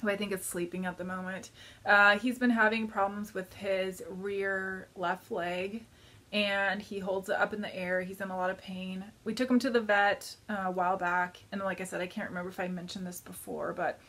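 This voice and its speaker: A woman's voice: medium pitch, little pitch movement, normal speed, sharp tone. A woman in her thirties chatting casually to camera as a knitting vlogger, rambling and hesitant, with many fillers.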